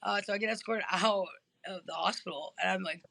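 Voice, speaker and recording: A woman's voice: mid-range voice, a little fast, gravelly, a bit bright. A woman telling a long story in casual chat from a hospital room, rambling with many fillers and restarts, heard over a phone or video call. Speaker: interview guest.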